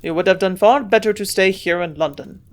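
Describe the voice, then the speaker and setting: A woman reading the part of a gruff, shrewd old German scientist in a storybook reading, speaking in a put-on German accent. His remarks come out blunt and grunting, pushed a little louder than the narration around them, with a middling pitch. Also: a little fast, close to an everyday voice.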